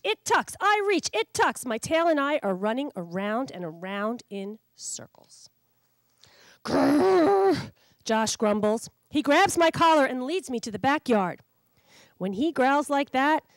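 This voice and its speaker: A woman, a children's author, reading her storybook aloud in an animated, expressive way at a public library. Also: fairly high pitch, no echo.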